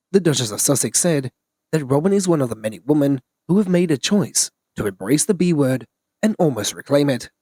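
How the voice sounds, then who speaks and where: Husky male narrator, dry close sound, steady scripted news read. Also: mid-range voice, no echo.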